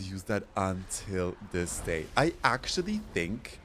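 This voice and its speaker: A man from Europe with a slightly low voice, chatting casually as a streamer while he plays. He tells stories in a campy, animated way and swears freely. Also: unhurried, few pauses, a little hiss or hum. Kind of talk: casual chat while gaming.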